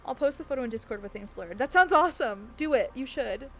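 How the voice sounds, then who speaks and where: High, lively bubbly woman streamer. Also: quick pace, a little hiss or hum. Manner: bubbly, giggly, gushing. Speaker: game streamer. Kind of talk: casual live-stream chat with viewers.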